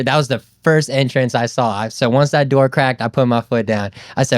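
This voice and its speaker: A man's voice: medium pitch, fairly even intonation, moderate pace, hardly any pauses, clear, resonant tone, no echo, studio quality. A man, telling a story in a loose, rambling way full of fillers. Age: 20s. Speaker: podcast guest. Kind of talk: casual storytelling chat.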